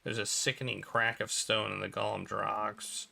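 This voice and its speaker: A man's voice: on the low side, little pitch movement, moderate pace, creaky, sharp tone. A man reading a game's story text aloud as a let's play host, with dramatic voiced reactions.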